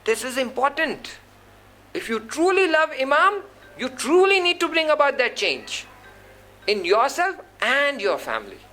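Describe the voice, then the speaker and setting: A man's voice: very high voice, big pitch swings, a little slow, pushed and bright, low-quality recording. A man preaching a sermon to a gathering, earnest and admonishing. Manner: earnest, admonishing, acts out quoted people. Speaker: Islamic preacher. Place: gathering hall.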